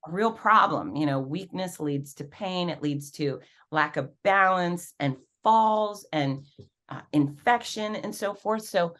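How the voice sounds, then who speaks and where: A woman guest on an interview podcast telling her story in a lively, animated way, acting out quoted voices with big jumps in pitch. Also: a little slow. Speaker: podcast guest, fitness professional and race announcer.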